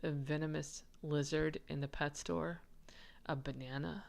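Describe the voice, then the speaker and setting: A woman's voice: low-pitched, fairly even intonation, a little slow, vocal fry, darkish tone. A woman giving a casual, chatty lesson on a manuscript, giggly and rambling, who stops to answer viewer comments. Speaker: manuscript researcher presenting her findings.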